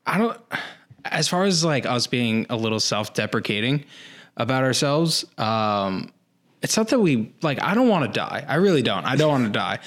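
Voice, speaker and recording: A man's voice: mid-range voice, fairly bright tone. A young man co-hosting a podcast, joking around and swearing freely in loose, casual talk. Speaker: podcast co-host.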